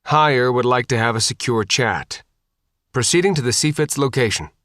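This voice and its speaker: A man's voice: medium pitch, normal speed, fairly bright tone, dry recording, studio quality, natural voice. A man reading an audiobook voices a naval submarine officer speaking in clipped, formal radio talk.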